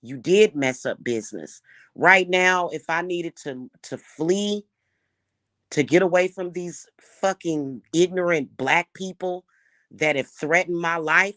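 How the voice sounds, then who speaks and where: A middle-aged woman with a notably low, deep voice, recorded close and dry with no room sound. She vents straight to camera in a heated, profane rant. She repeats herself and trips over restarts as she goes. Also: takes it slowly, fairly bright tone, dry recording. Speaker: spiritual reader and spellwork vlogger. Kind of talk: unscripted angry rant to camera.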